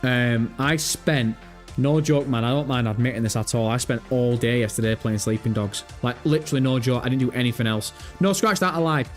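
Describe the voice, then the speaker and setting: A man chatting on a live stream, lively and loose, thinking out loud and cursing freely. His voice sits at a mid pitch, with faint music underneath. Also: brisk. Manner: animated, swears freely, thinks aloud. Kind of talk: casual live-stream chat.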